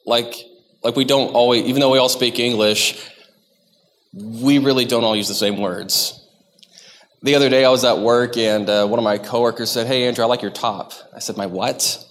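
A man's voice: mid-range voice, fairly even intonation, normal speed, in a large hall. A man from Texas, giving a sermon to his church in a conversational, self-deprecating way, often stopping and restarting his sentences. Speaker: lay preacher. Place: church sanctuary.

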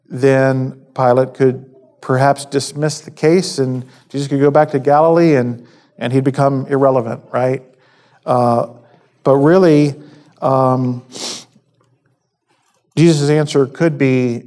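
A man giving a conversational sermon, halting with fillers and restarts, acting out quoted lines. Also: mid-range voice, steady tone, darkish tone. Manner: acts out quoted speech. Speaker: preacher.

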